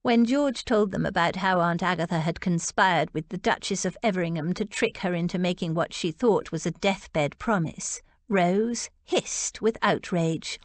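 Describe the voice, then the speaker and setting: A woman narrating an audiobook in an expressive, measured way. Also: fairly low pitch, no room sound.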